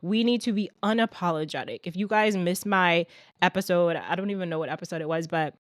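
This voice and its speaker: A young adult woman hosting her own podcast in a casual solo talk, animated and talking straight to her listeners like a friend. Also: on the low side, a little fast, dry recording, studio quality. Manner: animated, talks straight to listeners, calls them "sis" and "girl". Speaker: podcast host.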